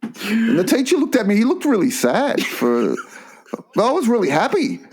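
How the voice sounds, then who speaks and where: A man's voice: sits high, wildly swooping pitch, a little slow, husky. A man co-hosting a comedy podcast, telling crude anecdotes with laughter. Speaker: podcast co-host. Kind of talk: comedic storytelling.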